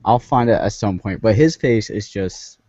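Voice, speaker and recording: A man's voice: lowish voice, moderate pace, warm tone, dry recording, dull audio. A man on a casual gaming podcast telling a story with hesitant restarts. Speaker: podcast co-host. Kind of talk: casual chat.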